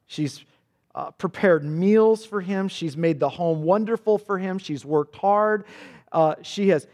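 A man's voice: sits high, takes it slowly, darkish tone. A man preaching a sermon, earnest and intense, repeating words as he builds each point. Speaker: pastor. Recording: long hall reverb.

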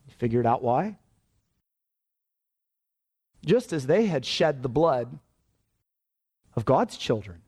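Animated male pastor preaching. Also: medium pitch, slow pace, pauses often, breathy edge. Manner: animated preaching, dramatic scripture reading with shifting pace. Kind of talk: sermon.

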